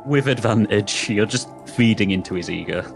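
Laid-back man with a gravelly voice. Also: fairly low pitch, normal speed. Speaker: player. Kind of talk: casual tabletop game chat. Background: music.

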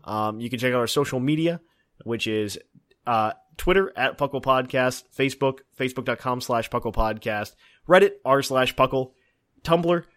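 A young man hosting a podcast, reading listener emails and chatting in a relaxed way with lots of fillers. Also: medium pitch. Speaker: podcast host. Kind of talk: casual podcast chat and mailbag reading.

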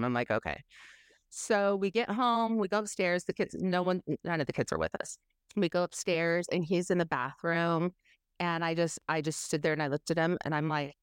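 A woman's voice: lowish voice, clean tone, dry recording, clean studio sound. A woman telling her own story in an interview, candid and emotional, swearing freely.

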